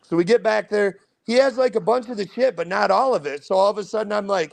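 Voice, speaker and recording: Gravelly young man telling a wild story. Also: high voice, brisk, few pauses. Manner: profane, rambling anecdote telling. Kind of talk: casual storytelling.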